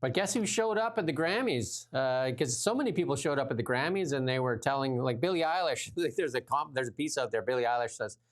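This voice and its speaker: A man's voice: mid-range voice, expressive, fairly quick, hardly any pauses. A man hosting a political talk show, talking bluntly and animatedly in casual chat with frequent laughs. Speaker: show host.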